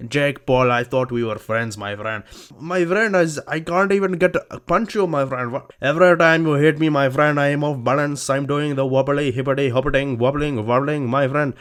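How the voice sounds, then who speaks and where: A man voicing a clumsy, bumbling young boxer who keeps pleading loudly and repeating himself. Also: medium pitch, moderate pace, clean tone, lightly acted. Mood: whiny pleading. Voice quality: loud, pleading, repetitive.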